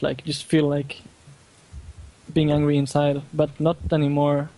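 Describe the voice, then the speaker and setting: Halting, filler-heavy man, flat voice. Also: fairly high pitch, rough recording. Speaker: guest player. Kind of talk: podcast discussion.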